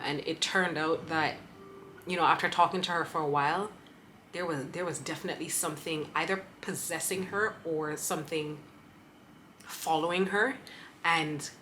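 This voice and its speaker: A young woman vlogger telling a personal story to camera, animated, often laughing and backtracking. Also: on the low side, a little hiss or hum. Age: young adult.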